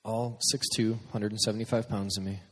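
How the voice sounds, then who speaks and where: A youth speaker and podcast host, this man has a fairly low, level voice that's brisk and slightly rough, heard in a large hall. On his podcast he delivers a storytelling sermon through humorous, self-deprecating personal stories, acting out what people said.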